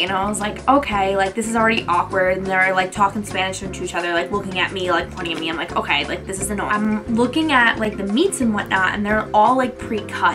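Chatty New woman, music behind. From New Jersey. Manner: animated, frequent "like", acts out quotes in a higher voice. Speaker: beauty vlogger. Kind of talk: casual storytelling chat.

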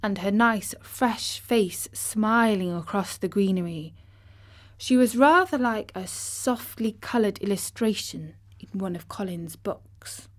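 A woman narrating a children's classic audiobook in a gentle, measured way. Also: medium pitch. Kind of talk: storybook narration.

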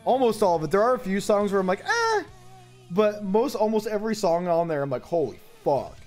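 A man chatting casually on a livestream, excitable and profane, laughing often. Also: sits high, quick pace, faint music behind. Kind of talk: casual stream chat.

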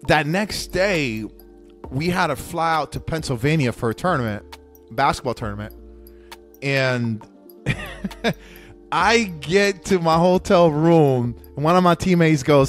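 A man's voice: a little high, animated, a little slow, soft background music. A young man hosting a podcast, telling a candid, profane story with many restarts. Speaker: podcast host. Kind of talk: casual storytelling monologue.

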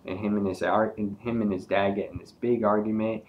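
A man's voice: on the low side, fairly even intonation, fairly quick, muffled recording, slight background noise. A man giving a casual, hesitant comic book review, talking through pages with many ums and uhs.

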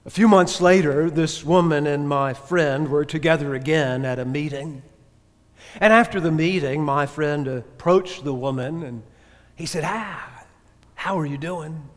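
A male pastor preaching a sermon, telling a story earnestly, with sudden emphatic rises and hushed drops. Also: fairly high pitch, a little slow. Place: church. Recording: echoey church hall reverb.

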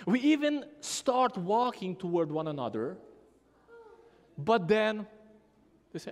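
A man's voice: high voice, sing-song, slow, long pauses. A man preaching a sermon as pastor, telling a story animatedly and acting out the voices of a child and his mother. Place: church sanctuary. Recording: long church reverb.

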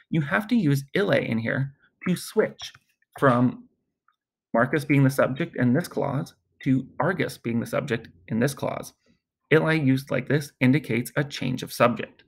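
A male Latin teacher giving a recorded lesson, explaining grammar in a relaxed, chatty way and chanting word forms as drills. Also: medium pitch, creaky.

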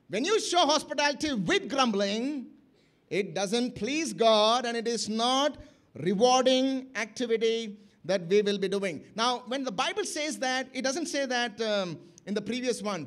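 A man preaching a sermon at a church camp, emphatic and often asking the congregation questions. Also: sits high. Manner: emphatic, with rising and falling bursts of loudness.

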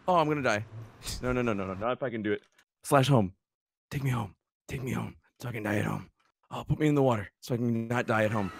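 A man's voice: medium pitch, fast talker, vocal fry, a little hiss or hum. A man co-playing a game live, joking and teasing his partner. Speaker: co-player. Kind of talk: live gameplay chat.

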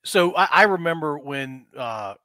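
Bright-voiced man host, dry sound. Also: on the high side, lively intonation, unhurried, no room sound. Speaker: podcast host. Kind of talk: casual chat.

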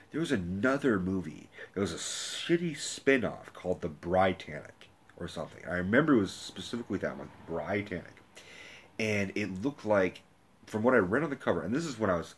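A young man giving a rambling, profane movie review rant, casual and animated. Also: sits low, slight background noise.

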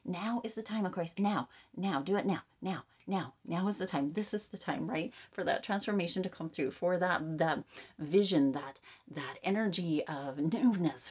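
A woman giving an excited tarot reading, gushing and repeating herself, often dropping into breathy whispers and running out of breath. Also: fairly low pitch. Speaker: tarot reader.

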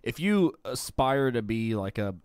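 A man's voice: medium pitch, sing-song, measured pace, a little mellow, clean tone, dry recording, clean studio sound. A man co-hosting a podcast, chatting casually with profane jokes and lots of laughter. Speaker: podcast co-host. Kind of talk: casual chat.

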